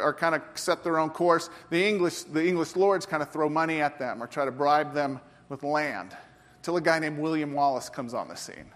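Earnest preacher in an echoing hall. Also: male voice, fairly high pitch, fairly bright tone. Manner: earnest, with many restarts and rhetorical questions. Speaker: pastor. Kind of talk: sermon. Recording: long hall reverb.

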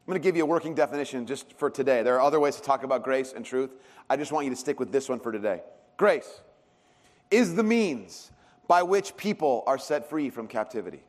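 A man preaching a sermon as a pastor, telling stories with animated swings in pitch and loudness. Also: brisk. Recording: long reverb of a large hall.

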